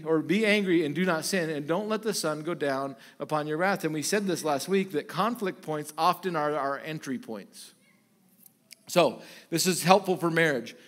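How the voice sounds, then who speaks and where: A man preaching a sermon as pastor, telling lively stories and acting out quoted voices. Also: a little high. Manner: animated storytelling, acts out quoted voices. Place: church sanctuary.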